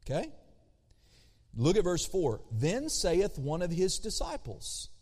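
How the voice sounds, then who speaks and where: A man preaching a sermon as a pastor, animated, swinging between loud emphasis and hushed asides. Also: high voice, slow pace. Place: church sanctuary. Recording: long hall reverb.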